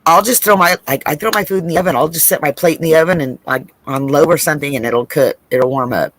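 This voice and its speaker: Talking fast in a low voice with no echo, she's a co-host in a trivia game on a video call. The chat is casual, and she swears freely, rambling and laughing as she tells stories.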